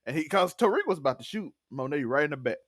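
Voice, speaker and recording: A man chats through a TV recap in a loose, laughing way, often acting out quotes. His voice sits fairly high and the recording is dry and close. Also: sing-song, fast talker, a bit bright, no echo. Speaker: podcast co-host. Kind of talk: casual TV recap chat.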